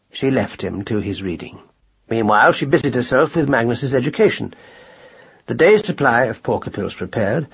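A man narrating a storybook in a measured, gently wry telling. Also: medium pitch, husky, muffled recording. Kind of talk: audiobook narration.

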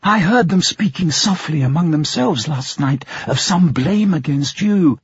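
A man's voice: fairly high pitch, animated, unhurried, slightly rough, dry recording, voice pushed up, full character voice. A man reading an audiobook, voicing a blind young woman who is loving and trusting, in a fervent, eager way. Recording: dull lo-fi sound.

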